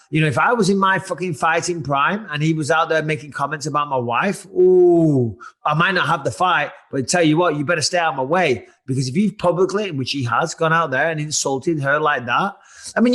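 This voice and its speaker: A man's voice: on the high side, pushed and bright. A man in his forties hosting a podcast, talking in a blunt, profane, challenging way. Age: 40s. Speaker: podcast host. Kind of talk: casual podcast chat.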